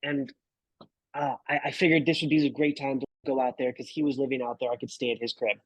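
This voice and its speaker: Guest photographer in his thirties: husky, casual storyteller, lots of dude and bro. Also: medium pitch, little pitch movement, fast, no room sound, poor audio. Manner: laid-back, swears, says dude and bro.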